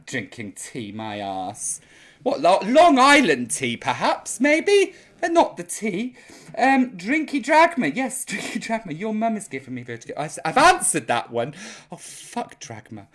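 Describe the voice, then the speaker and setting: A woman's voice: medium pitch, big pitch swings, measured pace. An older woman hosting a live chat stream, reading out viewers' comments in a cheeky, sweary, rambling way, sounding a little tipsy.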